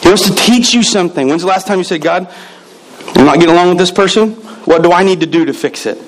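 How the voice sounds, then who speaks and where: A man's voice: sits high, fast talker, low-quality recording. A middle-aged man preaching a sermon, telling a personal story with emphatic repetitions. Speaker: pastor.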